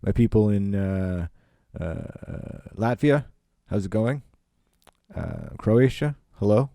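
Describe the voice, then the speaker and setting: A man's voice: fairly low pitch, lively intonation, slow, mellow, no room sound, studio quality. A Canadian man, a comedian, rambling on his solo podcast from home, swearing often and full of fillers. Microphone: home podcast microphone.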